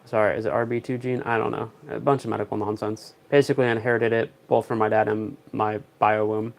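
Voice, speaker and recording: A man's voice: fairly low pitch, flat delivery, fast, creaky. A young man, chatting on a casual livestream, rambling through stories with dry, joking asides. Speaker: live streamer.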